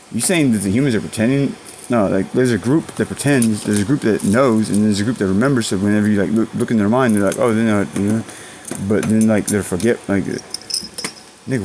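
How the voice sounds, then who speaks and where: A man's voice: on the low side, darkish tone, a little hiss or hum, rough recording. A young man in casual chat, rambling on in slangy, profane talk full of "bro" and "like".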